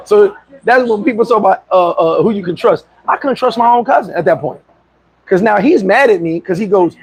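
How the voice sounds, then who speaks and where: A middle-aged man telling a story casually on a livestream, boastful and animated, laughing and swearing often. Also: high-pitched, fairly quick, slightly rough, low-quality recording. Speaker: vlogger.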